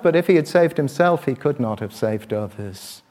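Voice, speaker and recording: A middle-aged man preaching a sermon, asking his listeners direct questions and swinging between loud, quick passages and quiet, slow reflection. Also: medium pitch, animated. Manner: rises loud and fast when stirred, drops quiet and slow to reflect.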